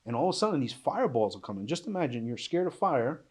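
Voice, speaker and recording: A man's voice: medium pitch, big pitch swings, fast, darkish tone, husky. A middle-aged man, a retired police officer, recounting an ordeal in an interview with vivid, emphatic, plain-spoken storytelling. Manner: vivid, emphatic retelling that acts out quoted speech; plain-spoken, blunt, swears. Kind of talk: emotional first-person storytelling in an interview.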